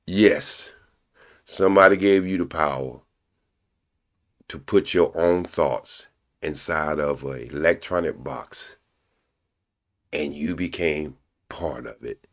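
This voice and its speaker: Older male stream host, lowish voice, preachy and crude, hammers each point twice. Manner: preachy, repeats points slowly for emphasis; blunt and profane. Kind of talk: casual live-stream commentary.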